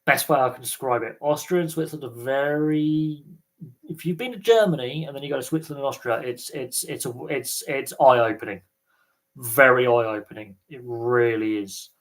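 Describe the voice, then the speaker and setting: A man's voice: mid-range voice, normal speed. A man with a Thames Valley English accent, hosting a casual livestream chat, rambling with lots of fillers and restarts. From England. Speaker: livestream host.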